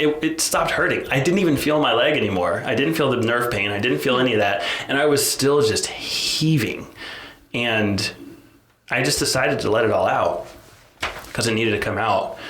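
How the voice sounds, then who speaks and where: A man's voice: medium pitch, normal speed, a bit bright. A man co-hosting a podcast, telling a personal story in casual, candid chat full of restarts and "like". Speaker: podcast co-host. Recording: roomy echo, faint noise.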